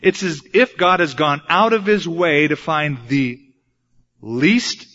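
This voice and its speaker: A man's voice: fairly high pitch, expressive, takes it slowly, pushed and bright. A man, a father of a young son, preaching a sermon and acting out the voices he quotes. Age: adult with a young son. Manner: dramatic, acts out quoted voices. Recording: dull lo-fi recording.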